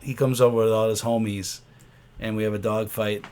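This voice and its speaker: A man co-hosting a podcast from his children's bedroom, joking in a dry, deadpan way. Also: on the low side, a little fast, slight background noise. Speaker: podcast co-host. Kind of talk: casual chat.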